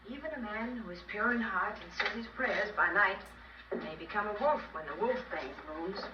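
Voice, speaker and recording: An actress playing a young woman shopkeeper who recites an old poem in solemn, measured tones, in 1940s film style. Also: mid-range voice, echoey room, noisy background, lightly acted. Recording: dull, distant 1940s film soundtrack with music.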